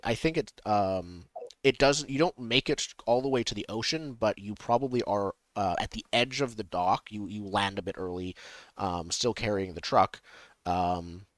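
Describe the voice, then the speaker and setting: A young man narrating as game master of a tabletop game, talking in a halting way with many ums and restarts. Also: low voice, a bit bright, no echo.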